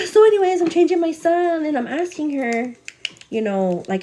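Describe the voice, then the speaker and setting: A woman's voice: high voice, a little slow, darkish tone, a little hiss or hum. A young woman hosting a live morning show, telling a long story in a casual, chatty way and calling her viewers girl.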